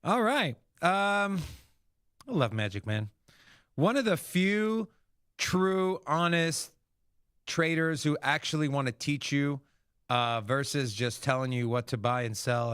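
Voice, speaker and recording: A man hosting a crypto livestream, talking casually and excitably, swearing freely. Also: mid-range voice, clean tone, no room sound, studio quality. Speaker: crypto show host. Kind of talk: livestream market commentary.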